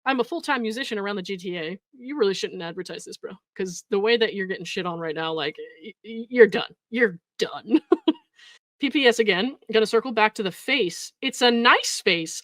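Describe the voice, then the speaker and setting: A sarcastic woman hosts a reaction commentary, picking apart messages with incredulous jabs and bursts of laughter. Her voice sits a little high and sounds dry and close, with no room around it. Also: lively intonation, fairly quick, fairly bright tone, dry recording. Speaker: commentary host.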